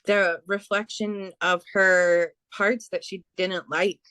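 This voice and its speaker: A woman serving as a spiritual medium, relaying messages in a gentle, earnest, reassuring way. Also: fairly low pitch, fairly even intonation, slow, smooth, no room sound. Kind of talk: spiritual reading conversation.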